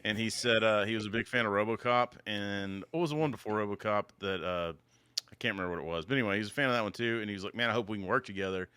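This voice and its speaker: A male podcast host talks in a loose, joking way. His voice is bright and crisp. The sound is close and dry. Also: lowish voice, very fast, no room sound. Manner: laid-back, loose and joking. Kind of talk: casual chat.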